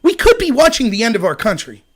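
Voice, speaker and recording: Guy with a really high voice doing a political rant on his stream, fired up and indignant. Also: fast talker. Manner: animated, ranting, indignant. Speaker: political commentary host. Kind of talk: live-streamed political commentary.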